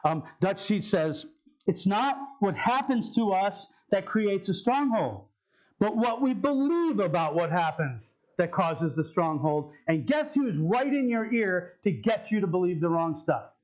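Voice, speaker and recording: A man's voice: high-pitched, sing-song, measured pace, darkish tone, poor audio. A male pastor giving a conversational sermon, often repeating key phrases for emphasis. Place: church sanctuary.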